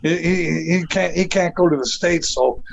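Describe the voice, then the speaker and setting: A man, a podcast guest, telling a long anecdote in an animated, profane way. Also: a little high, moderate pace, gravelly, rough recording. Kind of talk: storytelling in a podcast interview.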